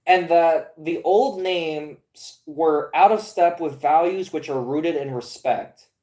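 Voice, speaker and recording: A woman's voice: deep voice, slow pace, mellow, roomy sound. A woman in her twenties chatting casually, profane and incredulous, stammering over restarts as she reads aloud. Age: 20s. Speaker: comics podcast host. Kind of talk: casual rambling commentary, reading aloud from a screen.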